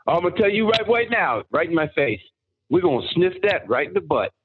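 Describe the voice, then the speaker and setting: A man imitating a yelling male army drill sergeant who mangles his threats, heard over a tinny phone-like line. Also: high-pitched, big pitch swings, brisk, husky, voice pushed up, exaggerated voice.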